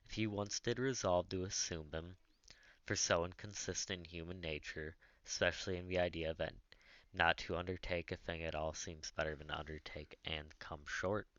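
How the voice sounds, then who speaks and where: A man reading a classic novel aloud as an audiobook narrator, slow and measured. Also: low-pitched, steady tone, a bit bright, no room sound. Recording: dull lo-fi dry recording.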